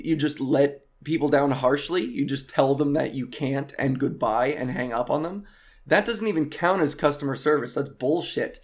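A man's voice: medium pitch, normal speed, darkish tone. Exasperated, profane male podcast rant. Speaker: podcast host. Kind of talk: casual ranting monologue.

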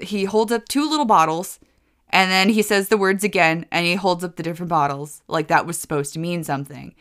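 A woman's voice: on the low side, fairly bright tone, clear, resonant tone. A woman hosting a podcast, telling a personal story in a rambling, self-correcting way and laughing at her own jokes. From United States. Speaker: podcast host. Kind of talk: casual storytelling.

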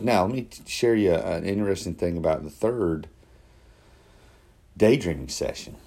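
Low-voiced guy rambling through a casual video diary, lots of restarts. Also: a little mellow. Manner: rambling, self-correcting, with repeated starts. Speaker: daily video diarist. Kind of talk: casual self-reflective monologue.

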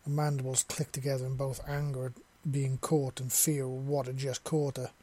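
Man, story narration, steady plain delivery, mid-pitched voice. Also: normal speed. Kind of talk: storybook reading.

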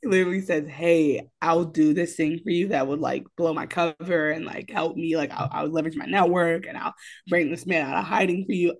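A woman co-hosting a casual podcast recap of a TV episode, animated and profane, acting out what the characters say. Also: lowish voice. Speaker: podcast co-host.

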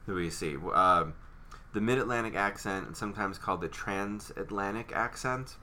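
A man's voice: on the low side, moderate pace, pushed and bright, a little hiss or hum. A man co-hosting a casual movie chat, wry and playful, often breaking into laughter. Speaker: podcast co-host.

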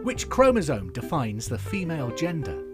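A man from England hosting a trivia podcast, chatty and upbeat, reading out each question slowly and then again. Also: fairly high pitch, huge pitch swings, over music. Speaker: quiz host.

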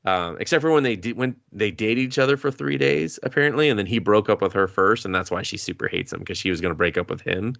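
A man's voice: fairly low pitch, fast talker, gravelly, few pauses, fairly bright tone, dry recording, lo-fi sound. A man hosting a podcast, casually recapping an anime, swearing freely and laughing as he retells scenes. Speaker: podcast host.

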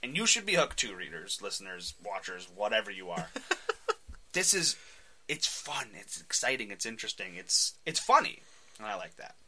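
Male podcast host, lively storyteller, very bright tone. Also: lowish voice, moderate pace, slight background noise. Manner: animated, acts out voices, laughs often. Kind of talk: casual podcast chat, retelling a comic.

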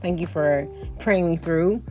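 Low-voiced woman, faith podcast host, lively chatty monologue straight to listeners, faint music bed. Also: unhurried.

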